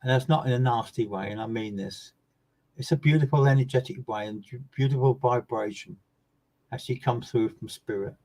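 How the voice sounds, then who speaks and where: Brief: male medium, earnest and emphatic, mid-pitched voice, repeats phrases, loud bursts that drop to soft asides. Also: moderate pace, rough recording. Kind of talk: live online mediumship reading addressing viewers by name.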